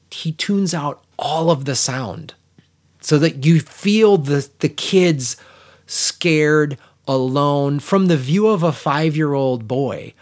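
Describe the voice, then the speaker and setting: A man with a fairly high speaking voice co-hosts a casual film podcast. He gushes about a movie he loves, circling back, restarting sentences and filling gaps with ums. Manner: enthusiastic, rambling with many restarts and fillers. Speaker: podcast co-host. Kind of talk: casual film review chat.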